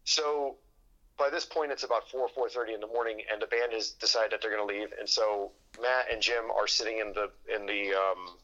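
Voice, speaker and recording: A man's voice: lowish voice, fairly even intonation, brisk, pushed and bright, lo-fi sound. A man telling a long story in casual chat, rambling with fillers and restarts and acting out what people said. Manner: rambling, full of fillers and restarts, acts out quoted dialogue.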